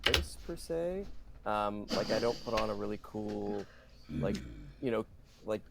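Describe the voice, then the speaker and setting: Gravelly middle-aged male voice actor. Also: lowish voice, animated, a little slow, very noisy. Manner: earnest, talkative, full of "you know" fillers. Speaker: voice actor guest. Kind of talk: relaxed interview answers.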